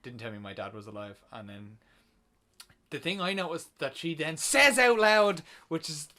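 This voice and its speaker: A man's voice: fairly high pitch, animated, normal speed, bright, forceful tone. A man co-hosting a podcast, casually retelling and ranting about a film he reviews, swearing when worked up. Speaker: podcast co-host. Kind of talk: casual movie review chat.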